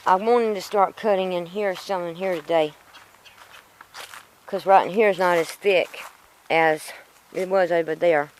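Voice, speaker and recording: A woman vlogs outdoors in a yard, rambling casually to the camera and talking to herself, frustrated and in pain from a sore tooth. Her voice is lowish, with slight background noise and poor audio.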